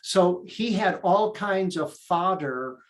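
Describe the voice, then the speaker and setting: Slow, eager older man telling stories. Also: high voice. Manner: eager, animated storyteller. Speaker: theater director and performer. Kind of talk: interview guest, storytelling.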